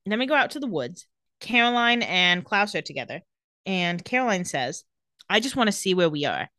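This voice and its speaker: A woman's voice: fairly low pitch, sing-song, normal speed, sharp tone, dry recording. A young woman co-hosting a casual chat, retelling TV scenes and quoting the characters. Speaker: podcast co-host recapping a TV episode.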